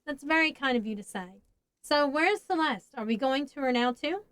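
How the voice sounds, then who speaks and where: A woman's voice: high voice, lively intonation, moderate pace, a bit bright, no echo, voice pushed up. A woman voicing an earnest young monster girl in a storybook reading, speaking eagerly.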